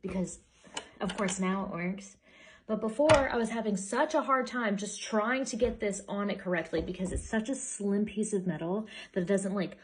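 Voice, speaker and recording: A woman's voice: mid-range voice, normal speed. Young woman venting while she builds stuff, chatty, a bit fed up, clicky tool noise behind. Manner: exasperated, chatty, swears casually. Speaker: vlogger. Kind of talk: casual chat while assembling furniture.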